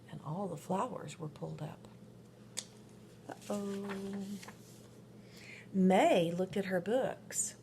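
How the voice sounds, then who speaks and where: A woman reading a children's storybook aloud, slow and expressive, often dropping to a whisper. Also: mid-range voice, vocal fry, slight background noise. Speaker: parent reading to her children.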